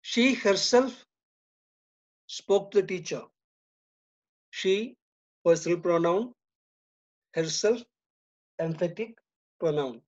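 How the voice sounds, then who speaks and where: In a dull, lo-fi recording, a teacher with an Indian English accent and a high-pitched yet darkish voice takes his time over a grammar lesson. After reading each sentence aloud, he drops his voice to supply the answer.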